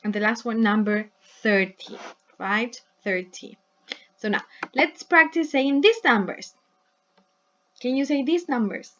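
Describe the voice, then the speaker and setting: Slow, patient woman teacher. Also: a little high, a bit bright, dull audio. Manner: patient, checks in with "right?" and "yes?"; models words slowly for repetition. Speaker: English teacher. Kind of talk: recorded online lesson.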